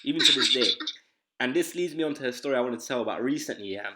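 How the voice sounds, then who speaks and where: A man's voice: medium pitch, fast talker. A young man, hosting a casual podcast and telling school and family stories with slang and frequent laughter. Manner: laughing, slangy, animated retelling. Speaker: podcast host. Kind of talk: casual storytelling chat.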